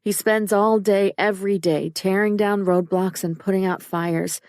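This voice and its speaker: In a clean studio with no room sound, a woman narrates a first-person psychological thriller audiobook from a script. Her mid-range voice is a little slow and a little mellow, keeping a steady tone while sounding tense and urgent.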